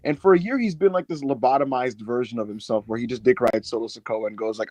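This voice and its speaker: A man co-hosting a podcast, recapping and joking in profane, animated chat. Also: mid-range voice, fast talker, dry recording. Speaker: podcast co-host. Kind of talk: casual chat.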